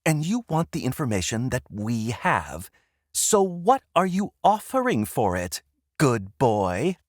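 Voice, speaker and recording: A woman's voice: a bass voice, big pitch swings, slow, dry recording, studio quality, full character voice. A man voicing a mocking young woman who taunts with sarcasm in an audiobook.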